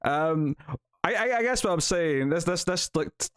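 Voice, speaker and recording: A man's voice: on the high side, moderate pace, clear, resonant tone, no echo, studio quality. A Scottish man co-hosting a casual TV review chat, talking animatedly. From Scotland. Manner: animated, acts out quotes in put-on voices. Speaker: TV review co-host.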